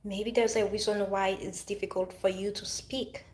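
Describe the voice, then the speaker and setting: A woman's voice: mid-range voice, little pitch movement, moderate pace, darkish tone, echoey room, poor audio. Earnest woman with a French accent. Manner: earnest, repeats and restarts phrases. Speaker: vlogger. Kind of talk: casual motivational monologue.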